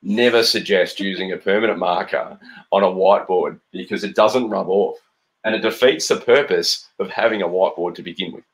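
An Australian man with a fairly low voice gives a jokey running commentary as he draws cartoons live. He is middle-aged, relaxed and full of ums, talking to his viewers like a friendly teacher. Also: fairly quick. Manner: playful, jokey running commentary with frequent ums while drawing. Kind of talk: live-stream drawing chat.

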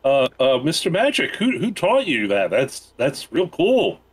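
A nervous young fanboy, as a man puts him on, stammering eagerly. The voice leaps about in pitch, sitting a touch high. He trips over his own words. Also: huge pitch swings, unhurried, slightly rough, heavily acted.

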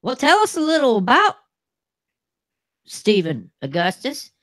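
A man's voice: extremely high pitch, huge pitch swings, unhurried, fairly bright tone, no room sound. A man co-hosting a crude comedy show, brash and mocking, swearing freely. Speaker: co-host.

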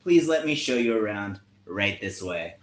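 A man's voice: fairly low pitch, expressive, moderate pace, roomy sound, pitched below the performer's own voice, natural voice. A man voicing a genial, polite cat counselor. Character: polite, cheerful male cat camp counselor. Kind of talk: picture-book read-aloud.

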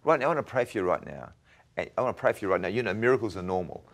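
A man's voice: lowish voice, lively intonation. Earnest man telling his story. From Australia. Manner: earnest, halting storytelling, often repeating words. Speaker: evangelist guest. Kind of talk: interview testimony.

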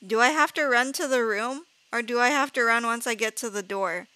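A woman's voice: fairly high pitch, fairly quick, sharp tone, no echo. A woman streaming a horror game live, jumpy and easily frightened. She laughs nervously, shrieks when scared, swears casually and keeps apologizing to her viewers. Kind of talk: live gameplay commentary.

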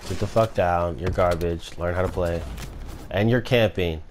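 A man's voice: low-pitched, measured pace, slight background noise. A man commentating his own gameplay, swearing and ranting at teammates and opponents. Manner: profane trash-talking, ranting at teammates. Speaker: gamer.

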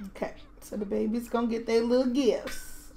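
A woman's voice: a little high, fairly even intonation, moderate pace, vocal fry, warm tone. A woman giving casual gameplay commentary, doting and gushing over her toddlers. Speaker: game streamer.

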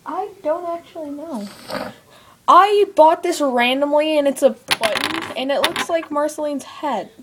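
A young woman hosting a casual home video challenge, chatty and giggly. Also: sits high. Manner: giggly, quick back-and-forth. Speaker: YouTuber host. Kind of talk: casual chat. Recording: noisy home webcam recording.

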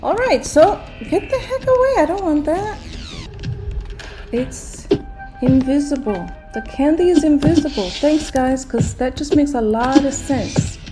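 A woman's voice: high voice, expressive, unhurried, over music. An older woman hosting a gaming channel, grumbling through a game with grumpy, sarcastic commentary.

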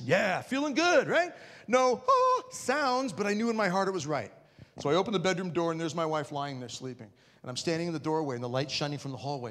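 A man giving a conference talk to an audience, telling a funny personal story in an animated, self-mocking way and acting out scenes. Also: a little high, brisk. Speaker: conference speaker. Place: large parish hall with an audience. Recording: reverberant hall.

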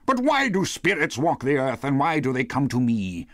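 A terrified old miser pleads in a raised, shaking voice, as a male narrator plays him. His words climb high above the narrator's usual tone. The recording is dry and close. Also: sing-song, moderate pace, a bit bright, no echo. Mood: pleading. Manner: raised, pleading, trembling delivery. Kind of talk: audiobook narration.

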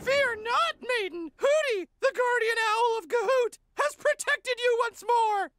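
Brief: clingy, hyper-cheerful cartoon house-owl creature, male, extremely high and shrill, slow and drawn out, hooting all the time. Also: expressive, no echo, exaggerated voice. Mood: manic excitement. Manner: constant exclamations, punctuated by hooting. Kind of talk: animated cartoon voice acting. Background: loud cartoon score.

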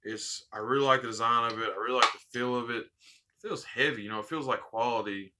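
A man's voice: mid-range voice, a little fast, noisy background. A man hosting a casual unboxing vlog, heartfelt and rambling, repeating his thanks. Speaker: vape channel host.

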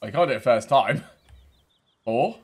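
A man's voice: medium pitch, lively intonation, measured pace, slightly rough. A British man running casual gameplay commentary, laughing and swearing as he banters with other players. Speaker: game streamer.

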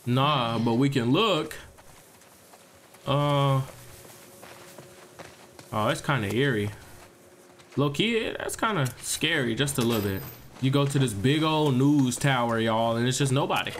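A man's voice: mid-range voice, animated, measured pace, pauses often, slight background noise. Chatty young man reacting to gameplay. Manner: chatty, talks to viewers, reacts loudly. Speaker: gameplay streamer. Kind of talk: casual let's-play commentary.

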